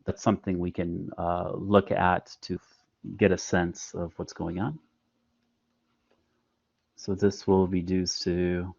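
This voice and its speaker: A man's voice: sits low, gravelly, dry recording, highs cut off. A man explaining a math lesson in an online class, patient and step by step with frequent fillers. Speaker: math instructor. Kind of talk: online lecture.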